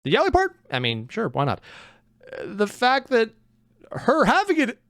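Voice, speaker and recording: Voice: mid-range voice, wildly swooping pitch, moderate pace, fairly bright tone, no echo, studio quality. Chatty, self-mocking reaction commentator. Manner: chatty and self-mocking, with frequent likes and asides. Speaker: reaction channel host.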